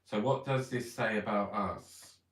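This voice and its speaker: A man's voice: on the low side, a little slow, fairly bright tone, recorded from a distance. A man reading newspaper headlines aloud and ranting about them in a sweary, mocking way. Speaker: vlogger reviewing newspapers. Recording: roomy echo, voice set back from the mic.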